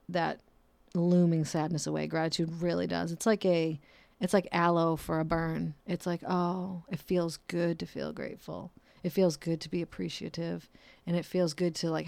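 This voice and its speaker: A woman's voice: on the low side, gravelly, no room sound. A woman hosting a casual solo podcast and talking about her work as a nurse, blunt and profane, rambling with frequent fillers. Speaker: podcast host.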